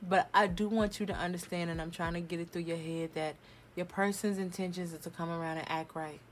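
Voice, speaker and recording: A woman giving a casual tarot reading at home, talking bluntly and forcefully, swearing freely as she addresses viewers directly. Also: lowish voice, steady tone, brisk, a little hiss or hum. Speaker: tarot reader. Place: home room.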